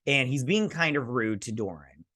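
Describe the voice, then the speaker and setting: A man's voice: medium pitch, animated, moderate pace, sharp tone, no room sound, clean studio sound. Rambling, sarcastic male reviewer. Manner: rambling, sarcastic, acts out characters. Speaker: show host reviewing a TV episode. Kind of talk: casual review.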